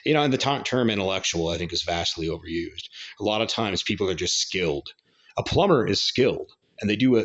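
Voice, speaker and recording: A man's voice: on the low side, highs cut off. A man giving a blunt, rambling opinion monologue with coarse language. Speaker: commentary channel host.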